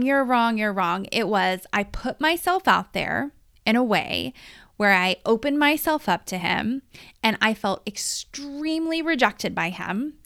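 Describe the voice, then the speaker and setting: A woman in her thirties speaking as a podcast host and coach, talking openly and emotionally about her own life. Her voice sits a little high and sounds smooth and clear, and she tells the story with lively, confessional energy. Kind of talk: candid personal monologue.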